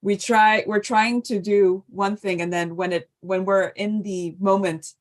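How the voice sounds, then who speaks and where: A woman's voice: mid-range voice, fairly even intonation, a little slow. A woman leading an online devotional scripture class over a video call, thanking people and asking them to share. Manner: warm thanking and inviting sharing. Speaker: class leader.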